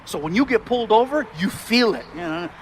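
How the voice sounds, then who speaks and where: A man performing stand-up comedy, telling a story in an animated way with bursts of excited shouting. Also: sits high, brisk, very noisy. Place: stage before a live audience.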